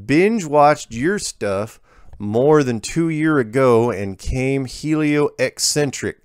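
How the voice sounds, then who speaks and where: A man voicing a cranky retired rural old-timer with a slow folksy country drawl and broken grammar. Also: mid-range voice, animated, clean tone, dry recording, studio quality, voice pushed up.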